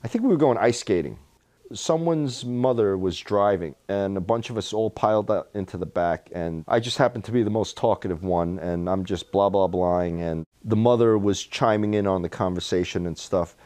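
A man from Staten Island with a mellow, darker tone, telling a personal anecdote in a loose and chatty way. He talks easily and laughs as the story goes along. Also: on the low side, normal speed. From Staten Island, New York. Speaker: interviewee. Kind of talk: casual storytelling.

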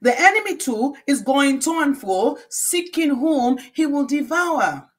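A middle-aged woman preaching a sermon, reading scripture aloud and explaining it slowly and with emphasis. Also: high voice, animated.

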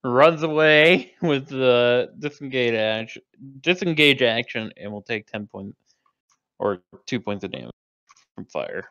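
A man's voice: medium pitch, lively intonation, measured pace, fairly bright tone, dry recording, dull audio. A man narrating a tabletop game as game master, casual and often laughing as he talks.

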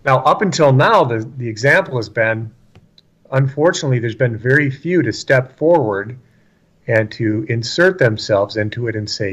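A man's voice: mid-range voice, animated, normal speed, a bit bright. Emphatic man preaching in conversation. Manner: emphatic, repeats lines for stress, acts out quotes. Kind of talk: religious discussion, casual and preachy.

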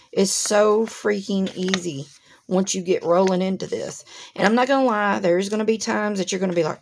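A woman's voice: mid-range voice, a little mellow. A woman, hosting a crafting channel and chatting casually through an unboxing to her viewers. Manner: chatty, instructive, addresses viewers directly.

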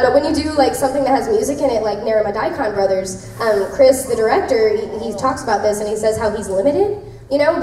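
On the high side with a darkish tone, this young voice actress's voice reaches a faraway mic in an echoey convention hall, along with slight hiss or hum. Fielding fan questions on a panel, she chats and tells stories, laughing frequently.

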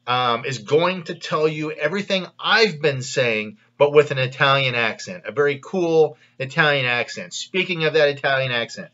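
A man from the American Midwest talking casually in a sales pitch to his viewers, rambling with many fillers and restarts. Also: normal speed, few pauses, pushed and bright. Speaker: network marketing video host. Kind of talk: casual direct-to-camera pitch. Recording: slightly dull lo-fi sound.

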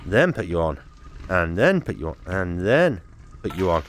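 A man's voice: low-pitched, sing-song, normal speed, slight background noise. A man playing a VR game, joking and muttering to himself as he goes. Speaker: gaming YouTuber.

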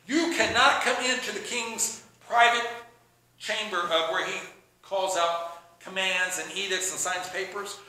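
A man preaching a sermon, retelling a scripture story with animated storytelling and acting out the characters' lines. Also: high voice, measured pace. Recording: echoey room with faint background noise.

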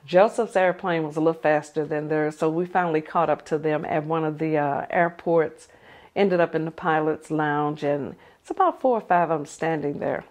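An older woman telling a personal story with lively energy, acting out the conversations she recounts. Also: deep voice, moderate pace. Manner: animated, acts out the dialogue in her story.

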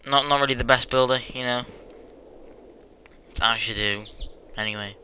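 Young guy rambling over minecraft, super hyper, bright tense voice, little hiss behind. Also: mid-range voice, steady tone, moderate pace, poor audio. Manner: hyperactive, rambling, self-mocking, bursts of squeals. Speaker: Let's Play host. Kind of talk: casual gameplay commentary. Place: quiet house at home.

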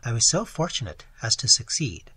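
Hushed, scheming young lady, read by a hoarse man, bright and husky. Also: mid-range voice, very animated, normal speed, no echo, full character voice. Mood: confiding. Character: scheming genteel young woman feigning distress.

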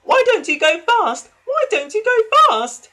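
A man voicing two fussy female railway coaches who speak together in a high, anxious sing-song. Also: wildly swooping pitch, unhurried, husky, heavily acted.

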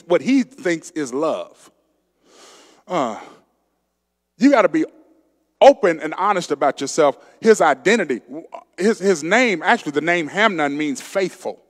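A male preacher with a fairly high, somewhat bright voice gives an emphatic sermon, calling out to his congregation. The recording carries the long reverb of the church sanctuary.

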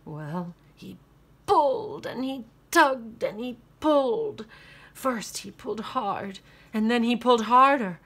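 A woman narrating a children's picture book aloud in a slow, unhurried manner. Her pitch rises and falls in a lively sing-song, and her tone is bright and clear. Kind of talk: storybook read-aloud.

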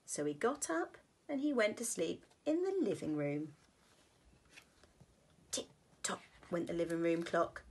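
Slow, expressive teacher reading a storybook. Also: female voice, fairly low pitch, breathy edge. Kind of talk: reading a picture book to children.

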